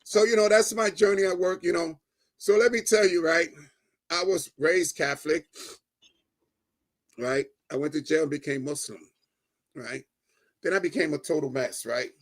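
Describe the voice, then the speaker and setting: High, gravelly middle-aged man telling his story. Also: normal speed, long pauses. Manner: animated storyteller, keeps adding "right?"; acts out quoted dialogue. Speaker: guest. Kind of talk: personal testimony in conversation.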